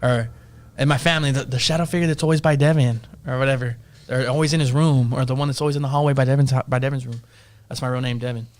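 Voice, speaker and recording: A man's voice: mid-range voice, fairly even intonation, fast. A man casually telling a ghost story on a podcast, profane and slangy, acting out the other people's lines. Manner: profane, slangy, acts out quotes in voices.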